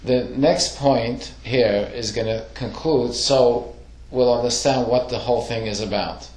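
A man's voice: medium pitch, unhurried, darkish tone, roomy sound. Man teaching a casual study class. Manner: questioning, conversational, asks the class.

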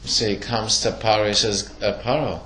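Animated man teaching in an echoey room. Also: lowish voice, normal speed, a little hiss or hum. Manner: questioning, animated storytelling with acted quotes. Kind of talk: classroom Torah lesson.

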